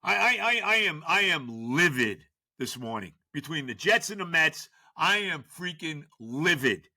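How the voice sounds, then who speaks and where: An older man hosting a sports podcast, ranting in exasperation with stammered restarts, jumping from shouts to low grumbles. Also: sing-song, measured pace. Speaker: podcast host. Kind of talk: sports rant.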